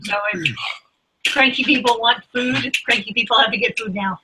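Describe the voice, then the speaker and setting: A woman in brisk, teasing casual chat on a live stream. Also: a little high, noisy background.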